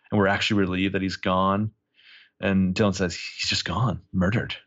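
A man co-hosting a podcast in casual chat, recapping a TV episode and animatedly acting out the characters' lines. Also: deep voice. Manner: animated, acts out characters' lines in quick voices. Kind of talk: casual chat, retelling scenes. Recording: dull lo-fi sound.

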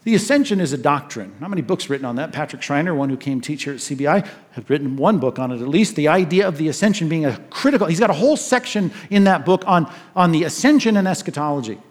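A man pastor preaching a sermon, telling stories with lively rises and hushed drops in his voice. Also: fairly high pitch, fast talker, hardly any pauses. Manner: animated storytelling, rises and drops in volume.

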